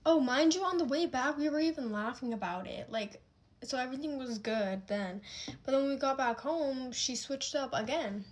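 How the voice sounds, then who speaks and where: A woman's voice: high voice, moderate pace. A young woman telling a casual get-ready-with-me storytime, rambling with lots of fillers and restarts.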